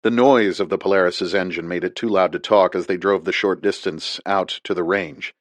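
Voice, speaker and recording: Male audiobook narrator, deep and steady, dry close sound. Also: normal speed, dry recording.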